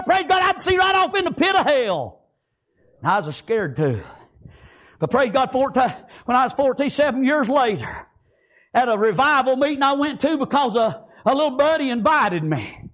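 High-pitched older man preaching a fiery sermon. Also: lively intonation, normal speed, sharp tone. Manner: fiery preaching with praise interjections; country Southern dialect. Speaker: pastor.

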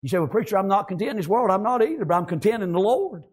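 A man's voice: high-pitched, lively intonation, rapid-fire, darkish tone, breathy edge. A man preaching a fervent sermon, peppering his speech with amens and praise Gods.

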